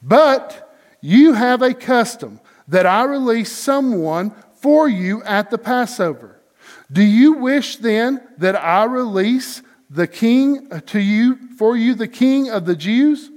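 A man reading aloud the lines of a stern Roman governor questioning a prisoner, with slow, emphatic delivery. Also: extremely high pitch, animated, a little mellow, full character voice.

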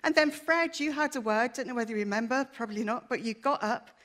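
A woman's voice: fairly high pitch, fast, fairly bright tone. A woman giving a personal testimony to a church congregation, candid, chatty and self-deprecating, earnest and emotional.

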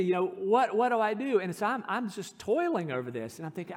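A middle-aged male pastor with a fairly high voice, preaching in an earnest, storytelling manner with touches of self-deprecating humor. His voice carries a long reverb through a church sanctuary. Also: lively intonation, a little fast, few pauses, sharp tone. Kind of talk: sermon.

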